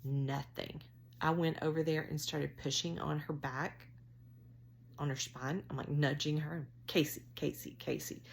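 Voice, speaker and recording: A middle-aged woman, chatting to camera as she tells a story on herself, with drawn-out, self-mocking phrasing. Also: sits low, fairly even intonation, gravelly. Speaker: vlogger.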